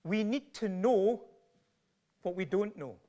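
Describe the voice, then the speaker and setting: Man, Glasgow Scottish accent, middle-aged, public lecture, high-pitched, emphatic. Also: animated, takes it slowly, mellow. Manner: emphatic, rhetorical questions, some restarts. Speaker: professor giving a talk.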